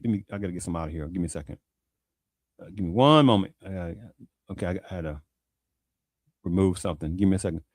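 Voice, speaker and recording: A man's voice: fairly low pitch, no echo. A man hosting his own show, talking in a casual commentary monologue and asking rhetorical questions like "right?" again and again. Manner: rhetorical, repeats "right?" and "do you understand that?". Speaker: show host.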